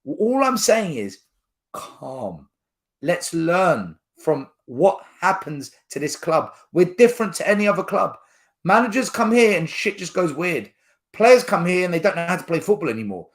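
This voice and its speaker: A man's voice: high voice, big pitch swings, normal speed. A man hosting a football fan channel, ranting to camera in a blunt, argumentative way. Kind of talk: fan opinion rant to camera.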